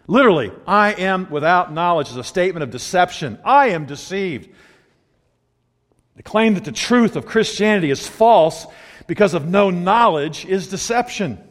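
Guy preaching in a big echoey hall, voice a bit high and swinging all over, laughing and doing little mock voices. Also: normal speed. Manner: lively, acts out mocking quotes, laughs often. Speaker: pastor. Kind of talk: sermon.

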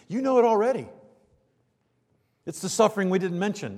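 A male preacher delivering a sermon, swinging between loud emphatic peaks and hushed low passages. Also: long reverb tail.

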